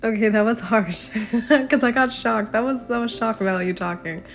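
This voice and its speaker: With a slightly high voice at normal speed, this young woman flips through her sketchbook for her vlog in a casual chat. She keeps giggling self-consciously and drifting off on rambling tangents.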